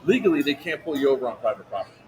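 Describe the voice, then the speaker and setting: A man telling a story in casual chat on a livestream, animated and profane, acting out other people's lines. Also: mid-range voice, rapid-fire, a crowd in the background, poor audio. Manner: animated, profane, acts out quotes in a raised voice. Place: outdoor airsoft event.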